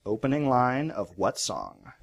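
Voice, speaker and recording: A man hosting a podcast quiz in casual chat, upbeat and quick to laugh. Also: mid-range voice, very animated, creaky. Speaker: podcast host running a quiz.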